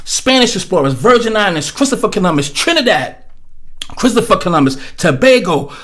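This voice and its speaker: A man's voice: high-pitched, very animated, brisk, a bit bright. A man hosting a livestream, giving blunt, profane, rambling commentary with many fillers into a webcam setup. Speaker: livestream host.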